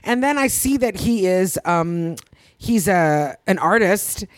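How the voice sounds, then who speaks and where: Animated woman telling a story. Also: mid-range voice, slow pace, no room sound. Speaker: podcast co-host. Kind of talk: casual chat.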